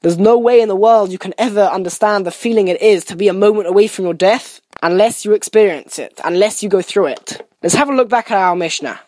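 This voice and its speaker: A woman's voice: medium pitch, fairly quick, hardly any pauses, darkish tone, no room sound. A woman teaching a Torah lesson, explaining a Mishnah and telling a parable in an earnest way. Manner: earnest explaining, Hebrew and Yiddish terms woven in. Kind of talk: recorded Torah lesson with storytelling.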